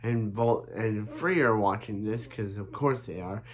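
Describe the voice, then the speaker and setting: Male reviewer, slow unhurried delivery, rambling casual recap full of restarts. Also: on the low side. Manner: rambling, many restarts and "so yeah" fillers. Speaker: anime reviewer.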